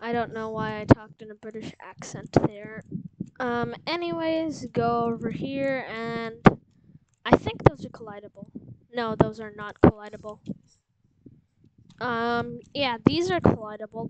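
A woman's voice: a little high, expressive, a little slow, dull audio. A woman hosting a casual gameplay walkthrough, rambling and unsure of herself, with lots of fillers. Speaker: game guide host. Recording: loud background noise with clicks.

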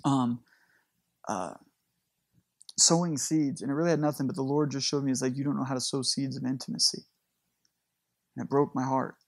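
A man with an American accent, a pastor giving an earnest, emotional sermon and closing by reading scripture slowly and deliberately. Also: on the high side, no room sound, studio quality.

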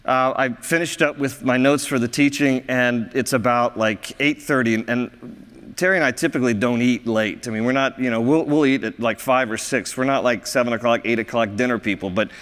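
A man's voice: mid-range voice, a little fast, a bit bright, clean tone. A male pastor preaching a sermon, a jovial storyteller who often laughs at his own stories. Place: church sanctuary. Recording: reverberant church hall.

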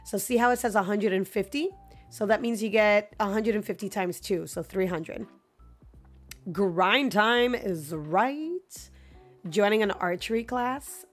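A woman's voice: medium pitch, normal speed, soft background music. Chatty, laughing woman streamer. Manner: chatty, laughs often, talks to her chat and to game characters. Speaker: gaming streamer. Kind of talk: live game stream commentary. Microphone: streaming microphone.

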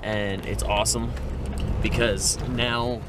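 A man's voice: fairly low pitch, level tone, takes it slowly, far from the mic, very noisy. A man in his twenties chatting casually to the camera in a vlog, easygoing and rambling with fillers. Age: 20s. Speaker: vlogger.

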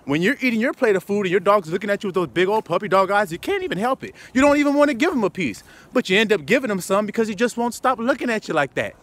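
A man's voice: high-pitched, expressive, fast, few pauses, fairly bright tone. A man preaching a confrontational, profane sermon full of rhetorical questions. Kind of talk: fiery street sermon.

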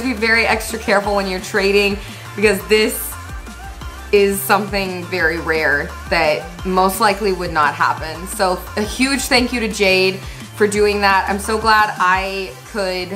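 Young female gaming host, bright voice, excitable and giggly, unhurried delivery. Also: medium pitch. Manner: gushing and excitable, laughing often. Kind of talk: casual gameplay commentary.

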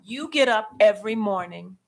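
A woman's voice: mid-range voice, expressive, moderate pace, creaky. A woman poet interviewing an author onstage, asking searching, thoughtful questions. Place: library stage before an audience.

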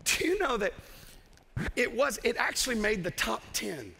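A man's voice: very high voice, big pitch swings, normal speed, creaky, sharp tone, big-room sound. A man preaching a sermon as pastor, emphatic and repeating key phrases. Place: church sanctuary.

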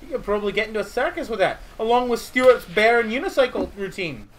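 High, lively woman in put-on British accent. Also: fast. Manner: narrates her own moves, bursts into panicked shouting. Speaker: gamer. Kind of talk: multiplayer game commentary.

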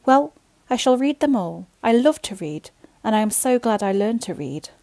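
An eager, cheerful boy king from a bedtime storybook, put on by a woman reader. He sounds excited and a touch higher than the narration, recorded dry and close. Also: normal speed, creaky, no echo. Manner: excited, bright.

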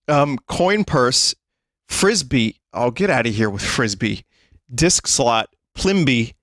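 A man streaming to his chat, talking slowly and in an unhurried way, with frequent bursts of laughter as he reads down a list. His voice sounds close and dry, with a mid pitch. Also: fairly bright tone, no echo. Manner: amused, laughs often while reading a list aloud. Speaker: livestream host.

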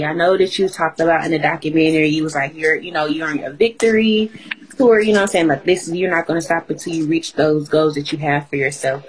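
A woman's voice: sits low, slight background noise, rough recording. A woman hosting an interview in a casual, chatty way, laughing often and using slang. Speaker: interview host.

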